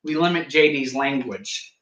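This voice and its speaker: A man's voice: medium pitch, a little slow, echoey room, background noise. A young man co-hosting a podcast, joking and ranting in casual wrestling review chat. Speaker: podcast co-host.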